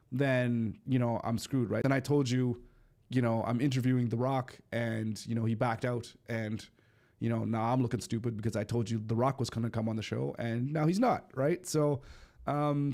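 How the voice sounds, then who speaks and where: A man's voice: medium pitch, a little mellow. Stuffy-nosed man rambling on a livestream. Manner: rambling, loose, with many fillers and restarts. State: stuffy nose. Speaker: livestream host. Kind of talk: casual livestream chat. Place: home studio in eastern Canada.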